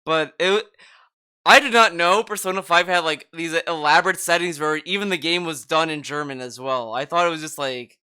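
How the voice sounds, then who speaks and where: A man with a bright, smooth and somewhat high voice talks through a casual podcast chat. He rambles loosely, piling on fillers and starting sentences over. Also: fairly quick. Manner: rambling, filler-heavy, frequent restarts. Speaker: podcast co-host.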